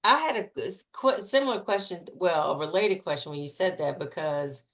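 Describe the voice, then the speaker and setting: A woman with a low voice talks in a relaxed, conversational way. She is a book club member on a video call, chatting casually. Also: normal speed.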